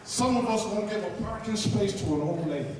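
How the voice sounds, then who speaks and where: A man preaching fervently in short lines, pausing so an interpreter can translate. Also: high-pitched, lively intonation, recorded from a distance. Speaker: guest preacher. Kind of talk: sermon with interpreter. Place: large church hall with congregation. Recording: echoey hall, voice from off-mic, crowd behind.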